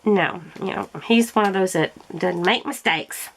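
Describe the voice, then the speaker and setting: A woman's voice: medium pitch, a little slow, gravelly, a little hiss or hum. A middle-aged woman chatting casually to viewers as she crafts, telling stories and laughing often. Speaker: craft vlogger. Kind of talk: casual chat while crafting.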